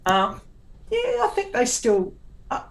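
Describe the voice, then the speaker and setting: A woman's voice: a little high, huge pitch swings, slow, gravelly, low-quality recording. A middle-aged woman talking casually as an interview guest. She is forthright and sarcastic, and she often restarts her sentences.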